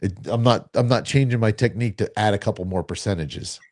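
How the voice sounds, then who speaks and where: Storytelling man, lively and animated. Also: on the low side, a little fast. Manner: animated, acts out quoted dialogue. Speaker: co-host. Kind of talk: casual storytelling chat.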